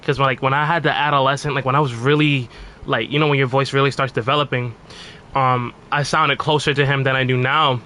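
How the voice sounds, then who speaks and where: A man's voice: medium pitch, flat delivery, a little fast, pushed and bright. A man streaming a video game live, chatting casually with viewers, laughing often and swearing freely.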